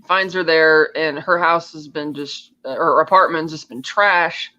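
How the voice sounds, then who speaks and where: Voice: medium pitch, steady tone, unhurried, pushed and bright. A podcast co-host in casual chat, retelling a film's plot scene by scene and acting out the characters' lines. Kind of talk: casual film recap chat. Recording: dull lo-fi audio.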